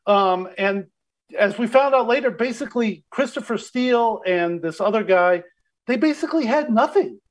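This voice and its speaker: A man's voice: high-pitched, animated, normal speed. A man, a guest on an interview show, speaking thoughtfully, hedging often and restarting his sentences. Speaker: guest media critic. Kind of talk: conversational interview.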